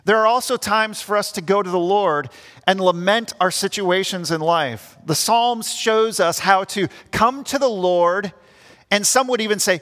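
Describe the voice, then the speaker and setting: A man's voice: sits high, moderate pace, a bit bright. A young man preaching an earnest sermon as pastor, acting out the grumbling voices he quotes. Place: church. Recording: long church reverb.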